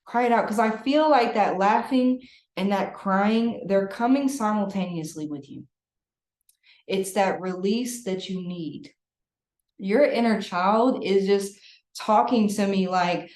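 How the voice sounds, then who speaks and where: Speaking slowly in a medium-pitched, slightly mellow voice, a woman energy healer guides a client through a spiritual session. Her coaching is playful and breathy, punctuated by laughter, and the recording has a roomy echo.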